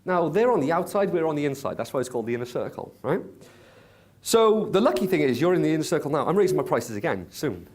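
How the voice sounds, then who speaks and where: Animated man telling a seminar story. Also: on the high side, quick pace. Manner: animated, swearing, acts out quotes. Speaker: workshop host. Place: conference room with audience.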